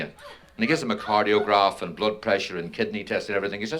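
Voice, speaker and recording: A man's voice: lowish voice, fast talker. A man with a Northern Irish accent doing live stand-up comedy, firing off jokes and chuckling between punchlines. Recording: loud hiss on old vinyl live recording.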